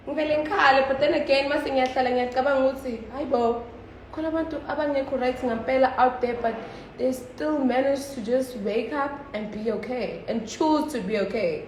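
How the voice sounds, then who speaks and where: A woman's voice: high voice, roomy sound, slight background noise, low-quality recording. A South African woman chatting casually on a phone livestream, switching between languages and swearing freely.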